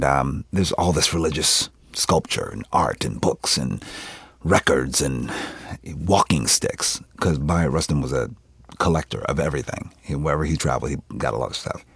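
A man from Philadelphia, an actor, chatting in an interview, telling stories with animated quotes and frequent laughs. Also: extremely low pitch, moderate pace, slightly rough, no echo. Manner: animated storyteller, laughs often, acts out quotes. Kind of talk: casual interview chat.

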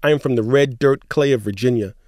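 A man co-hosting a radio show, reading poetry lines in an earnest, measured voice with a middle pitch. The recording is dry and close. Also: a little mellow, dry recording. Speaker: radio co-host.

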